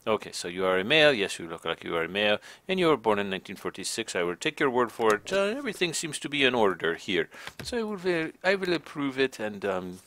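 Lively, bright-voiced male game streamer. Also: fairly low pitch, fast talker. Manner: stiff, formal role-play as a border inspector. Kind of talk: live gameplay commentary.

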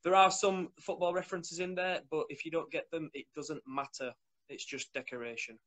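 Young male guest poet, Yorkshire accent, easygoing, voice on the high side. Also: fairly even intonation, normal speed, a bit bright. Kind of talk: casual intro then poetry reading.

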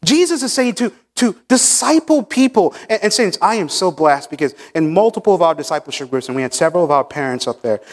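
Pastor, male, higher voice, emphatic teaching sermon in a church sanctuary. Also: animated. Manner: emphatic teaching preacher, pausing on key words. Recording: long church hall reverb.

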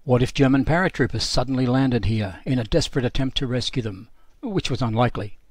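A male documentary narrator reading a first-person memoir in a measured, sober delivery. His voice sits at an average pitch. The recording is dry and close, with no room sound. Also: no room sound.

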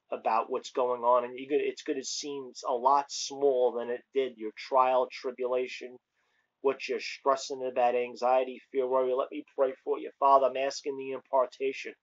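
A man preaching online in a casual way, with joking asides between fervent exclamations and scripture readings. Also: mid-range voice. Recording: dull lo-fi recording.

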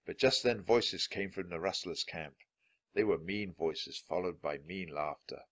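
Low-voiced man reading a children's book. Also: fairly bright tone. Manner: clear and deliberate for learners. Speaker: storybook reader. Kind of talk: children's book read-aloud.

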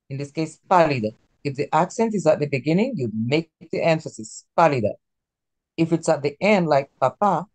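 Lively teacher, woman. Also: low-pitched. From Latin America. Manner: lively, coaxing, drills pronunciation slowly. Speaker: Spanish teacher. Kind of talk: classroom teaching.

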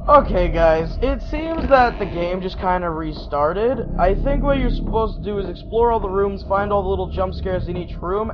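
A fairly high-pitched man talks his way through a horror game, chatting to its creatures and swearing when they scare him. Clear background noise runs under the whole recording. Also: lo-fi sound. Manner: jumpy, swears often, talks to game characters. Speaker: gaming YouTuber. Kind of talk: horror gameplay commentary.

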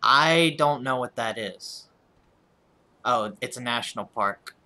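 A man streaming a game chats with his audience in a laid-back, self-deprecating way, often restarting what he says. He's from the United States with a rural accent, and his medium-pitched voice is pushed and bright as he takes it slowly.

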